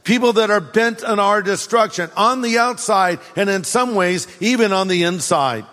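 A man, a pastor, preaching a sermon in an animated way and acting out the voices he quotes. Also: high-pitched, moderate pace, long reverb tail.

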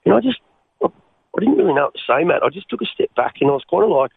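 Gravelly Australian man on a phone line. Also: a little high, big pitch swings, no room sound. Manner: halting, repeats words, calls the host mate. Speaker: interview guest. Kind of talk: personal testimony in an interview.

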